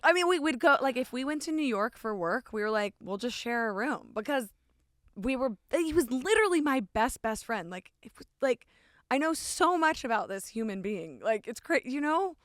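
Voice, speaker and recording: A woman in her thirties, a podcast guest telling a long personal story in casual chat, animated and full of "like", acting out her own past lines. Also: a little high, normal speed, no echo, clean studio sound.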